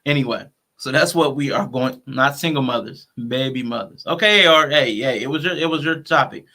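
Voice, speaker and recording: A man's voice: mid-range voice, fairly quick, sharp tone. A man hosting a casual livestream talk show, speaking conversationally with features and restarting his sentences as he thinks aloud. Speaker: show host.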